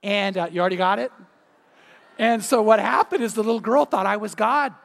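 A man preaching a sermon as pastor, telling a story in a lively, emphatic way in a church. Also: high-pitched, a little fast, gravelly. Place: church sanctuary. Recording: long hall reverb.

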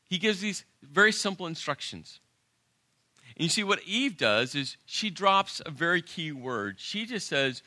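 A male pastor delivers a sermon with emphatic, animated preaching and dramatic pauses. His voice has a very bright, forceful edge. The sound is dry and close. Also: on the high side, no room sound.

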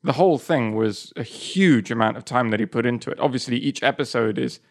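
A man of middle pitch co-hosting a podcast, talking freely in casual chat. He laughs easily and likes to tease his partner. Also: brisk. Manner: chatty, laughs easily, teasing. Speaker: podcast co-host.

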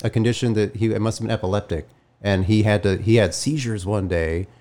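A man's voice: fairly low pitch, steady tone, a little fast, a little mellow. A man co-hosting a comedy podcast, chatting casually with playful, ironic asides. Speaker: podcast co-host.

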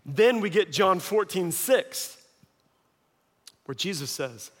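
A man preaching a sermon, retelling scripture as lively storytelling and acting out the quoted voices. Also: high voice, slow. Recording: long hall reverb.

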